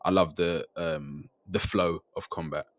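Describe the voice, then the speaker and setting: A man's voice: sits low, steady tone, unhurried, no echo. A man co-hosting a game podcast, chatting casually and guiding the discussion.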